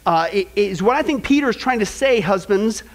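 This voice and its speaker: A middle-aged man preaching a sermon on marriage, energetic and jokey, who keeps checking in with the crowd. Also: high voice, a little fast. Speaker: pastor.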